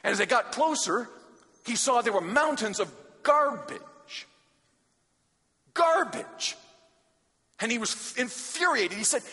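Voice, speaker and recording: A man preaching a sermon in a large hall, dramatic, swinging from loud urgency to a hushed near-whisper. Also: very high voice, sing-song, measured pace, pauses often, breathy edge. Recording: long hall reverb.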